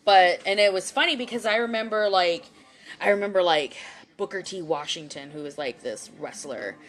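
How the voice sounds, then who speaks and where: A woman's voice: lowish voice, moderate pace, a bit bright. A young woman from Houston giving a casual live-stream monologue, heated and profane, rambling with many fillers and restarts. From Houston, Texas. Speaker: psychic reader and commentator. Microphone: webcam or phone microphone.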